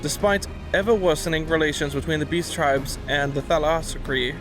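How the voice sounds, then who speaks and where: A man reading the lines of a composed young male scholar from a video game, calm and explanatory. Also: a little high, a little fast, music in the background, natural voice. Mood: earnest. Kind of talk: reading game dialogue aloud.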